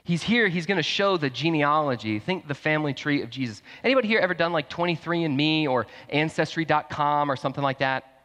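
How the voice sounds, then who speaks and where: Pastor, young adult man, slightly high voice, emphatic conversational sermon, long reverb of a church hall. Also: lively intonation, fast, fairly bright tone. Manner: emphatic, conversational preaching with rhetorical questions.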